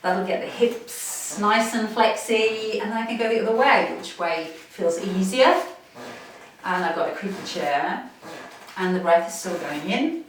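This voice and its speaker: A woman leading a gentle seated movement class, chatting encouragingly and laughing often as she plays. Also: medium pitch, a little slow, slight background noise. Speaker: movement instructor. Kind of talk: playful guided exercise class. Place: home room, seated on a chair. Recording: echoey room, mic at a distance.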